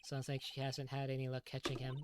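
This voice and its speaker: A woman's voice: very deep voice, completely flat delivery, brisk, noisy background. A woman voicing a cranky, breathless old woman who huffs and puffs between stammered words. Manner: wheezy huffing and puffing between stammered words. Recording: faint music underneath.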